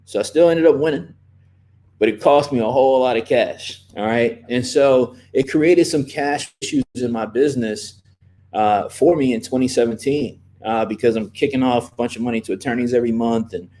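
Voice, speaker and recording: A man's voice: mid-range voice, moderate pace, warm tone, a little hiss or hum. A man, a real estate investor, telling stories casually in a podcast interview, with "man" and "you know" in nearly every sentence. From Virginia.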